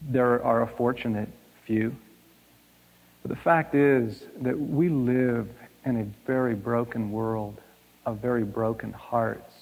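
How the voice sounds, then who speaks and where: A man preaching a sermon, telling a story slowly and dramatically, letting his lines fade to a hush. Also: mid-range voice, steady tone, creaky. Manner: slow, dramatic storytelling with soft, hushed line endings. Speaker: pastor. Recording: echoey hall.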